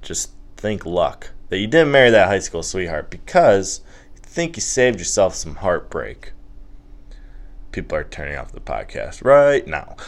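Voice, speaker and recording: A man hosting a podcast, riffing through a profane, self-mocking comedy monologue. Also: low-pitched. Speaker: podcast host.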